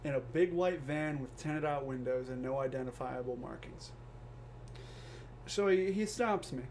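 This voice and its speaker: A young man, a podcast co-host, telling a comedic story with animated delivery and swearing. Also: medium pitch, unhurried. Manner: animated, swearing, acts out quoted voices. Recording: faint background noise.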